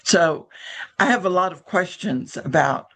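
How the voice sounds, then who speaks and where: A woman's voice: fairly low pitch, expressive, a little slow, fairly bright tone. An older woman from the American South with a Southern accent, telling a personal story on a video call in a reflective, frank, wry way. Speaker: workshop participant.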